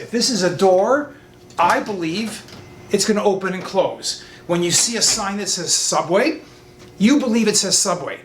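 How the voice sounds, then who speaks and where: Lawyer guy teaching on a video call, high voice, emphatic, echoey room. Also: fairly bright tone. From Canada. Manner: emphatic, repeats warnings, acts out quotes. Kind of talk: online class lecture. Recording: roomy sound with faint rumble.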